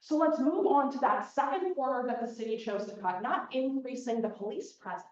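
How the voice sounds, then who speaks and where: A young woman giving a persuasive opening statement as plaintiff attorney in a mock trial, speaking in a measured way straight to the jury. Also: high-pitched, lively intonation. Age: young adult. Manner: measured, addresses the jury directly. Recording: dull, echoey hall from far off.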